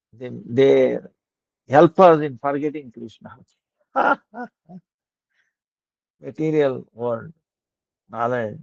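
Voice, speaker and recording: A man's voice: medium pitch, gravelly, darkish tone, no echo. A man preaching a devotional sermon as a folksy, chuckling storyteller. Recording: dull lo-fi dry recording.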